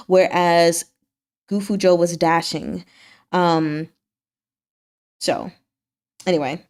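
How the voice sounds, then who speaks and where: A woman casually recapping chapters of a novel, animated and laughing often as she acts out the characters' lines. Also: fairly low pitch. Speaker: book club host. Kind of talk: casual book recap chat.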